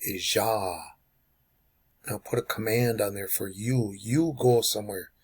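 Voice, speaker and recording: A man's voice: on the low side, steady tone, breathy edge. A man teaching language phrases, call and response, who repeats each phrase for learners to say back. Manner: slow, drilling repetition of phrases.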